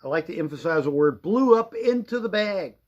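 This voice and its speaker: A middle-aged shop owner gives a folksy, rambling product demo on a live stream, padding his explanations with fillers. His voice is fairly high, animated and fairly quick, and the livestream audio sounds dull and lo-fi.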